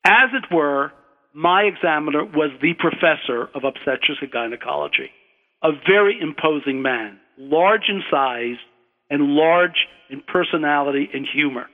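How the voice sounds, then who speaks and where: An older man with an American accent tells a digressive personal story at an unhurried pace, often backing up to correct himself. His voice sits somewhat high. The sound is narrow and phone-like, with a long, echoing reverb. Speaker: storyteller, guest. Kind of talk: personal anecdote on radio. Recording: tinny phone-like radio line with long hall reverb.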